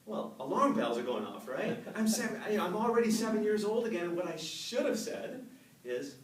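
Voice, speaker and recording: A man in his fifties giving an animated, storytelling speech to a club audience and laughing along with them. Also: high-pitched, a little fast. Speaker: Toastmasters speaker. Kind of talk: public speech. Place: meeting room with a live audience. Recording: echoey room, mic from far off, faint noise.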